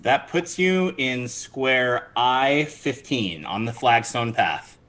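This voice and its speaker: A man running a tabletop game as game master, narrating lively and laughing, stopping to correct himself. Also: medium pitch, takes it slowly.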